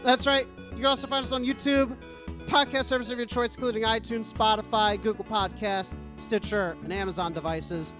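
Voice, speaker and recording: A man's voice: high voice, fairly even intonation, brisk, over music. A man co-hosting a podcast in casual chat, teasing and bantering playfully. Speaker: podcast co-host.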